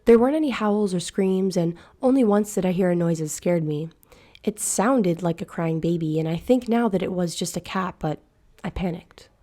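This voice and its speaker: A woman narrating a scary internet story in a hushed, slow, measured way. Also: lowish voice. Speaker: narrator reading a horror story. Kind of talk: scripted horror narration.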